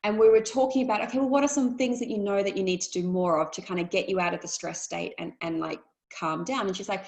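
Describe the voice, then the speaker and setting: A woman's voice: medium pitch, fast, gravelly, few pauses, low-quality recording. Chatty woman coaching a webinar. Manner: chatty and encouraging, acts out quoted dialogue. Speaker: life coach hosting a webinar. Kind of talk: casual coaching talk to an online audience. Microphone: video call.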